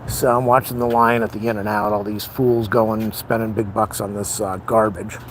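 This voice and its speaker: A man's voice: fairly low pitch, little pitch movement, normal speed, a little hiss or hum. A middle-aged man venting in a rambling, frustrated casual monologue on a live stream.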